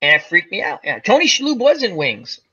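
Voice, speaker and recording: A man's voice: high-pitched, a little fast, breathy edge, lo-fi sound. A man hosting a casual chat, telling stories animatedly and acting out the quotes. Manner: animated storyteller, acts out quotes. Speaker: host.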